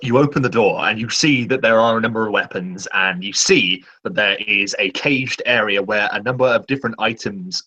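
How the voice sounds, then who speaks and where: A man's voice: fairly low pitch, sharp tone, breathy edge. A man narrating scenes as game master, describing things with many fillers.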